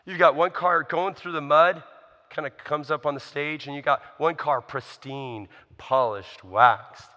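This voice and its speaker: A man's voice: a little high, unhurried, bright, forceful tone, big-room sound. A man preaching a sermon in a conversational, emphatic way, asking the listeners rhetorical questions. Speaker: pastor.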